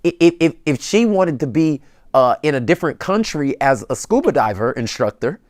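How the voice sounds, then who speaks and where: With a fairly high-pitched voice at a moderate pace, a male pastor guest gives relationship advice, colloquial and emphatic like a preacher, rising to excited peaks. The sound is studio quality without echo.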